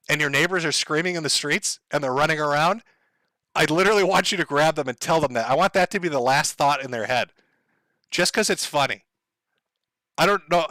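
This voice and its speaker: Male streamer, sardonic profane rant, bright higher voice, dry sound. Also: no room sound. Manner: sardonic, profane, laughs often. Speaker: livestream host. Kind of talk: casual livestream rant.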